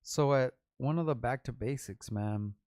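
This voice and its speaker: A man's voice: mid-range voice, normal speed, a little mellow, clean tone, dry recording. A middle-aged man from Los Angeles, a rapper hosting his own vlog, telling a long, rambling, profane story in casual talk and repeating himself. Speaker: vlog host, underground rapper.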